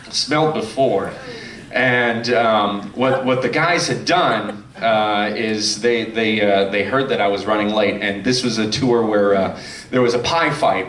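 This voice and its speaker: Man, lowish voice, halting anecdote with many fillers, chuckles, distant mic, roomy hall. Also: a bit bright, slight background noise. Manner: halting, full of fillers and restarts, chuckling often. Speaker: former circus clown on a convention panel. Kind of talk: telling a funny anecdote to an audience. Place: convention hall.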